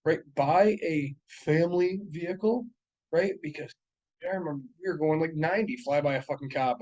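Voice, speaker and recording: A young man with a slightly raised pitch rambles through a casual podcast chat. He swears freely, piles on fillers and restarts, and laughs as he tells his stories. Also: moderate pace, darkish tone, lo-fi sound. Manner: profane, rambling storytelling with frequent laughs and fillers. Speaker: podcast co-host.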